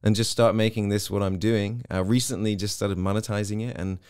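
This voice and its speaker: English man, middle-aged, interview guest, brisk storyteller, clean dry mic. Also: fairly low pitch, smooth, no room sound. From Hong Kong-born, British. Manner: chatty storyteller, quick and animated. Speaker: interview guest, content creator. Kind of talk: casual interview chat.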